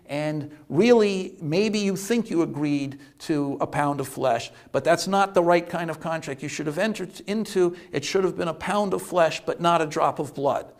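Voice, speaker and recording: A man quoting a clever woman disguised as a judge. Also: high voice.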